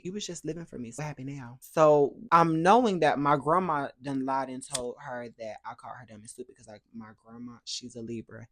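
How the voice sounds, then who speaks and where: A young man tells a personal storytime for his vlog. He is lively and jumps into playful voices for the people in his story. He is recorded close to the mic in a dry room with no echo. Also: medium pitch. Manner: animated, acts out other people's dialogue in playful voices. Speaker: vlogger.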